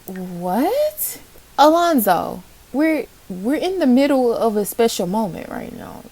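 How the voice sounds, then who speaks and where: A woman, excitedly narrating her life-sim game story in casual commentary and talking straight to her viewers. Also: fairly high pitch, slow. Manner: chatty, excitable, addresses viewers as y'all. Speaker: Sims gameplay narrator.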